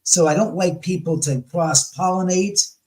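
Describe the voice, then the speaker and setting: A man as an interview guest, telling stories in a rambling, animated way and often correcting himself mid-sentence. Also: high voice, a little slow, rough recording. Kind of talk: casual storytelling interview.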